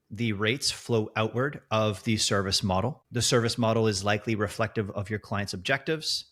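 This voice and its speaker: A man's voice: fairly low pitch, a bit bright. A man hosting a podcast in casual conversation, laughing easily and rambling through long restarted sentences. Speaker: podcast host.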